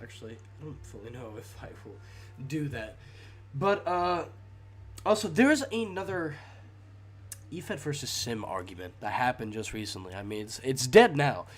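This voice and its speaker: A man's voice: mid-range voice, sing-song, moderate pace. A young man hosting a casual solo podcast, sounding stuffy from a cold and rambling with frequent hesitations and restarts. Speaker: podcast host.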